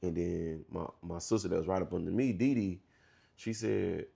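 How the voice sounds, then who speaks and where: Gravelly deep-voiced man telling his story. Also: warm tone. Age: 30s. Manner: halting, restarts often, slangy and profane. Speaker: interview guest. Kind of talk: candid storytelling interview.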